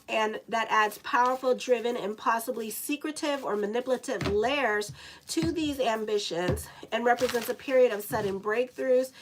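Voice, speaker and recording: Chatty higher-voiced woman astrologer. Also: noisy background. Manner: chatty, swears and laughs at her own asides. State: sick, dry lips. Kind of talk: casual horoscope reading.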